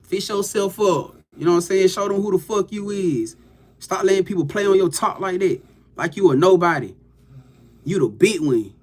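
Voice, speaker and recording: A man's voice: high voice, animated, moderate pace, darkish tone. A man giving a loose, profane, hyped-up motivational pep talk to his viewers as a livestream host.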